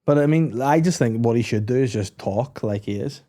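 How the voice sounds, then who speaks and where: A man guesting on a comedy podcast, trading quick, swearing banter and laughing often. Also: mid-range voice, warm tone. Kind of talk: casual comedic chat.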